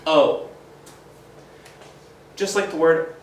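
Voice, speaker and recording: A male teacher giving a phonics lesson to children, sounding out letters slowly and encouragingly. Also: on the high side. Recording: echoey room, mic at a distance.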